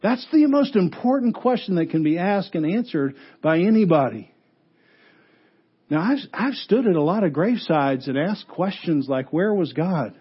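A pastor preaching a funeral sermon, earnest, rising loud for emphasis and dropping low and soft. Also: male voice, lively intonation, moderate pace, husky, lo-fi sound.

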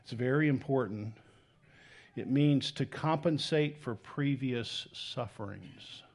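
A man in his thirties preaching a sermon as pastor, animated, rising to loud emphasis and dropping to soft, intimate tones. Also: mid-range voice, slow pace, gravelly.

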